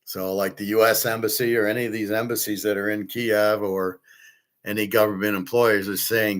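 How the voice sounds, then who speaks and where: A man's voice: on the low side, little pitch movement, moderate pace. A man talking in a blunt, rambling monologue, full of profanity, fillers and restarts, who acts out both sides of imagined conversations. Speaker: sports handicapper and commentator.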